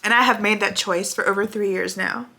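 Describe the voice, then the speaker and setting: A woman's voice: medium pitch, steady tone, a little fast, vocal fry, sharp tone. A woman in her thirties talking candidly and emotionally in a casual reaction vlog to her channel's viewers. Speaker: vlogger.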